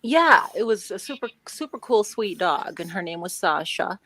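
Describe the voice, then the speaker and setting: A woman in casual live stream chat, effusive and quick with compliments. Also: medium pitch, animated, no echo, low-quality recording. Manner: warm, effusive, gushing with compliments.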